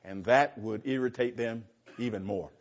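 A man's voice: mid-range voice, moderate pace. A middle-aged man preaching a conversational Bible-teaching sermon, chuckling often and restarting his phrases as he explains verses. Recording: dull lo-fi sound.

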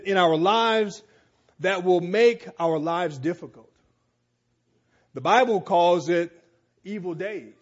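A man with a high voice delivers a sermon at an unhurried pace. He reads scripture and drives his points home through slow, emphatic repetition. The recording sounds slightly dull and lo-fi. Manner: slow, emphatic delivery with repeated phrases and rising exclamations. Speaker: preacher.

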